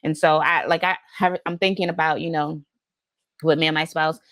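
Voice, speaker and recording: A woman host with a fairly low voice speaks earnestly and reflectively, circling her points with fillers. The recording is dry and close. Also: little pitch movement, normal speed, fairly bright tone, no room sound. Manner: reflective, earnest, explains at length with many fillers. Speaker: podcast host. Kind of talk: conversational interview.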